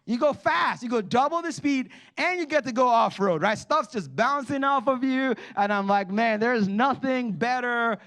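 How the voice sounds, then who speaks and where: A man preaching a sermon, animated, asking the congregation to respond and dropping to quiet asides. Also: extremely high pitch, normal speed, hardly any pauses. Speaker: pastor.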